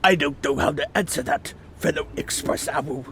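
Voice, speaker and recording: Gamer host: young man in his twenties, slightly high voice, loose rambling commentary. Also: moderate pace, gravelly, bright, forceful tone. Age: 20s. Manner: rambling, laughing, casual. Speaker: gaming YouTuber. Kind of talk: gameplay commentary. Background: game music.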